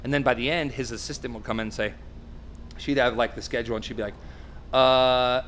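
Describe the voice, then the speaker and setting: A man's voice: mid-range voice, fast. Guy in his 30s telling band stories on a podcast, acts out quotes, bit of hiss. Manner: animated, quotes people in acted voices. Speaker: guest musician. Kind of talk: casual storytelling interview.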